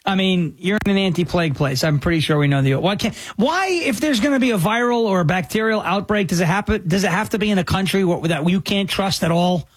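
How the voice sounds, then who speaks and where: A man with a high, husky voice reacting to the news with biting sarcasm and disbelief. The sound is close and dry, with no room around it. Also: fast, few pauses, no room sound. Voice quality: sarcastic, incredulous. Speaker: commentator.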